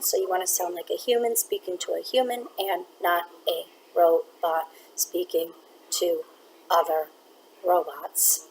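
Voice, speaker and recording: A woman teaching a reading lesson, explaining phrasing in a clear, deliberate way and sometimes reading word by word to demonstrate. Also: on the low side, a little mellow, slight background noise, rough recording. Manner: clear, deliberate teacher talk, reads words one at a time to demonstrate.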